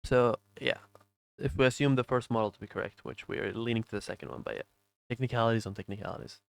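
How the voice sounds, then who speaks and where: A man lectures over a voice call, rattling through dense material and checking in with "right?" as he goes. His voice is mid-pitched and sounds dry and close to the mic, with no room around it. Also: vocal fry, no room sound. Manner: quick, filler-heavy explaining. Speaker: online class teacher.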